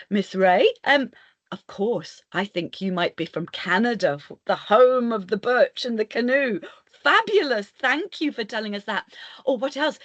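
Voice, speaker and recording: A woman storyteller giving a live lesson to school classes, animated and reading out and praising the children's answers. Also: fairly high pitch, no room sound.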